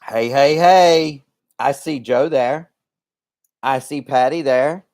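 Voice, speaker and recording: A man's voice: medium pitch, slow, a little mellow. Rambling, breathless livestream host man. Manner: rambling, chatty, many fillers and restarts. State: slightly out of breath. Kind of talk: casual livestream chat.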